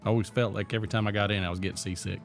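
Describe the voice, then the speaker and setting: A man hosting a comic livestream chat, joking along with a playful, deadpan way of telling tall tales. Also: fairly low pitch, rapid-fire, vocal fry, soft background music. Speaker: host.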